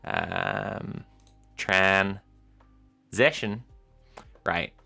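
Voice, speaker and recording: A woman streamer chatting casually with her viewers, animated and giggly, rambling with lots of filler sounds. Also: extremely low pitch, drawn-out words, vocal fry, faint music behind. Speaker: live streamer.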